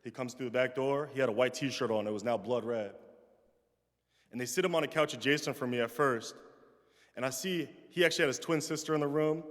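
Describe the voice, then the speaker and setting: A young man tells a personal story to a chapel audience, his voice carrying a long reverb through the large space. He talks in an ordinary middle register, animated, acting out the people he quotes, then going quiet and soft when he reflects. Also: mid-range voice. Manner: animated, acts out quoted voices, trails off softly in reflective moments. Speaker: guest speaker.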